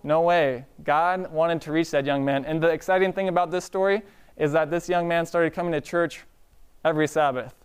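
Male preacher, conversational storytelling, clear smooth voice, somewhat high pitch. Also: steady tone, normal speed. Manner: conversational, calls out "Amen?" to the congregation. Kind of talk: storytelling sermon.

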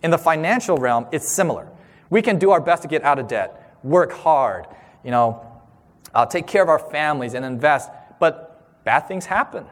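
A man in his thirties giving a sermon-style talk, telling a personal story with animated, acted-out voices. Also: on the high side, normal speed. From Southern California. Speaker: speaker. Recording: long hall reverb.

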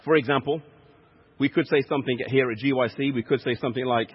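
A man's voice: mid-range voice, steady tone, fast, slightly rough. A man preaching a sermon, teaching step by step, repeating key points with emphasis. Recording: echoey hall, dull lo-fi sound.

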